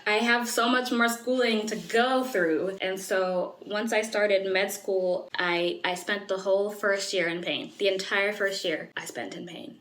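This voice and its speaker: A woman's voice: mid-range voice, unhurried, few pauses, fairly bright tone. A woman in her twenties, a medical student, telling a personal story in a candid, earnest vlog with many "like" fillers. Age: 20s. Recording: roomy echo.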